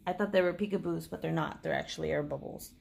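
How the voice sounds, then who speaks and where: A woman's voice: sits low, fast talker, gravelly, a little mellow. A woman in her thirties, a crafting vlogger, chatting casually and rambling through family stories while unboxing a kit. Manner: rambling storyteller, chatty, laughs often.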